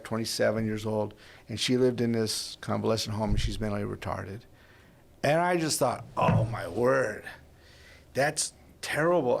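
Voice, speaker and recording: A man's voice: medium pitch, vocal fry. A man in his sixties, hosting a faith podcast and telling a personal story in a rambling, heartfelt way with frequent restarts. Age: 60s. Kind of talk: conversational podcast interview.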